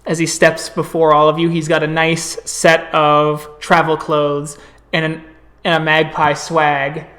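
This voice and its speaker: A man narrating as game master of a tabletop game, describing scenes slowly and in detail. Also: a little high, monotone, a bit bright.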